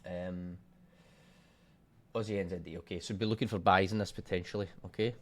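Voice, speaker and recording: A man's voice: sits low, fairly even intonation, brisk, a little hiss or hum. A man coaching forex trading in a casual screen-share walkthrough, thinking aloud and swearing offhandedly.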